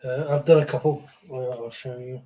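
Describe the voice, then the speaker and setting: A man's voice: medium pitch, fairly even intonation, normal speed, warm tone. A man chatting casually at a board game table, easygoing and a bit distracted.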